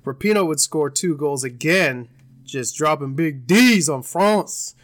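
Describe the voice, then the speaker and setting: Young male podcast co-host, casual sports recap, jokey and rambling, slightly higher voice. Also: animated, a little slow, fairly bright tone. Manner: joking, rambling, with put-on bits.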